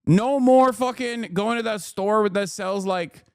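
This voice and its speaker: A man's voice: high-pitched, unhurried, creaky, clean tone, no room sound, studio quality, pitched above the performer's own voice. A man voicing a rude, fed-up male mall cop who swears and mocks. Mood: scornful. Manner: brash, mocking, swearing.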